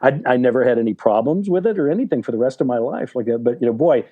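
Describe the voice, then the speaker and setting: A man's voice: medium pitch, lively intonation, fast talker, slightly rough, phone-quality sound. A man in his sixties from West Virginia, an author being interviewed, telling a story in a rambling, casual way full of fillers. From West Virginia, USA. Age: 60s. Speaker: guest author.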